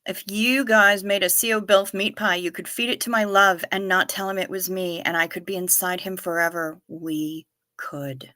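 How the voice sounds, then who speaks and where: A woman's voice: mid-range voice, fairly even intonation, a little fast, few pauses, pushed and bright, no echo, studio quality. A woman hosting a live stream in a casual, chatty way, reading out viewer comments with wry asides and repeating herself for effect. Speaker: livestream host.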